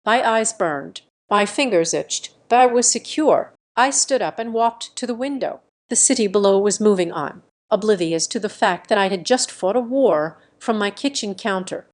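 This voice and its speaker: A young woman narrates a first-person revenge story in short, clipped sentences. Her delivery stays measured and steady at a middle pitch for a woman.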